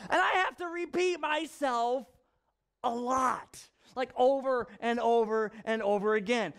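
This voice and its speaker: Pastor, male, young dad, high voice, animated anecdotal preaching style. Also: a little slow, clean tone. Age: young father. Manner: animated storyteller, repeats himself for effect. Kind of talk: conversational sermon with personal stories.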